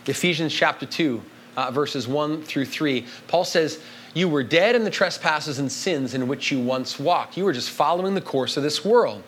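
A man's voice: fairly high pitch, moderate pace, fairly bright tone, slight background noise. A man preaching a sermon to a congregation in an emphatic, conversational way, often checking in with the listeners. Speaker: pastor.

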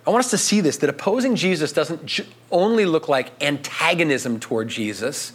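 A man's voice: on the high side, a little fast, husky. A man preaching a sermon in a conversational way, often checking in with his listeners. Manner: animated, conversational, frequent "right?" asides.

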